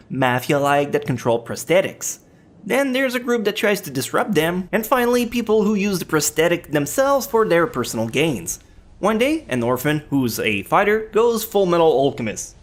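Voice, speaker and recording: Lively man counting down anime. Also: fairly high pitch, moderate pace. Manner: joking asides, self-deprecating stumbles. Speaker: anime video host. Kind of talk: scripted countdown commentary.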